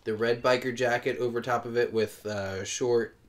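A man's voice: medium pitch, fairly even intonation, moderate pace. A young American man co-hosting a casual gaming chat, rambling and opinionated with lots of fillers. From United States. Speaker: co-host playing a video game.

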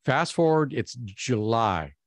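A man giving a keynote speech, telling a personal story in an animated way and acting out his own inner voice. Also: medium pitch, slow, no room sound. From Texas. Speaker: keynote speaker.

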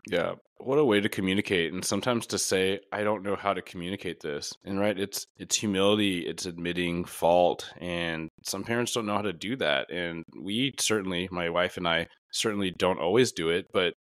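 A man hosting a podcast, reflective and rambling, getting animated when he quotes people. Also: deep voice, moderate pace, hardly any pauses, dry recording, studio quality. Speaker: podcast host. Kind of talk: casual podcast conversation.

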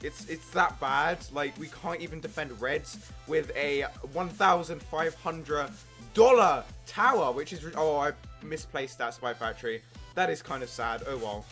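An excitable young man giving casual gameplay commentary, jumping into yelps when things go wrong. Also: a little high, measured pace, soft background music. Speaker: gaming YouTuber.

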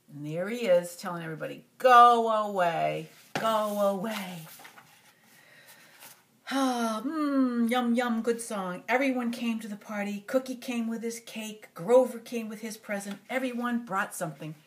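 An older woman reading a picture book aloud to a child, animated and stopping often to talk to the little one. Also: medium pitch, moderate pace.

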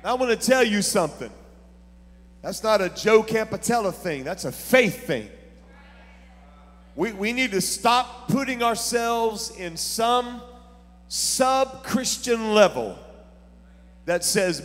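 Male preacher, highish bright voice, storytelling sermon that swells to shouting, church reverb. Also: animated, slow pace, pauses often, soft background music. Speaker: pastor. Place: church sanctuary.

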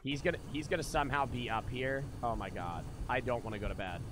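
A man's voice: medium pitch, quick pace, noisy background. A young man commentating a horror game, jumpy and nervous, swearing often and talking to his chat. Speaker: gaming commentator.

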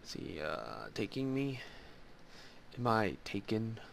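A man's voice: on the low side, animated, slow, gravelly, a little hiss or hum. A man playing a video game and commenting as he goes, reading the on-screen dialogue aloud between his own reactions. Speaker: gamer. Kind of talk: let's play commentary. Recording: loud game music behind. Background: game music.

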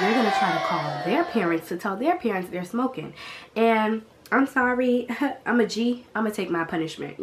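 Brief: woman in her 20s, sick and a bit coughy, casual slangy storyteller, faint noise behind her. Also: mid-range voice. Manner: animated, slangy, talks straight to viewers. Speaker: vlogger.

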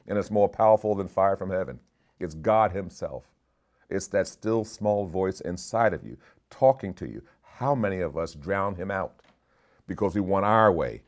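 A man preaching a sermon as a bishop, reading scripture aloud and building in intensity. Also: fairly low pitch.

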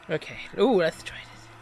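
An Australian man hosting a gaming channel, giving excitable mock sports commentary on his own match and cheering loudly. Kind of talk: self-commentary while playing a video game.

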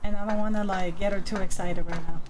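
A woman's voice: mid-range voice, steady tone, fast talker, background noise. A woman streaming a game from home, chatting casually with her viewers and her cat as she plays. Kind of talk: casual gameplay commentary.

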